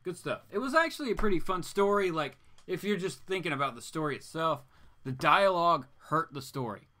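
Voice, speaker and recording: Chatty man with a bright voice. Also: on the high side, lively intonation, brisk. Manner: rambling and chatty, answers viewer comments. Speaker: comics show host. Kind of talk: casual live-stream chat.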